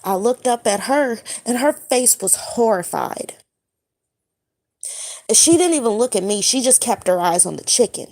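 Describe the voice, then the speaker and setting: A woman who has just woken up, recounting a dream in a casual monologue, halting and searching for her words with many fillers. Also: fairly high pitch, animated, darkish tone. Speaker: spiritual vlogger.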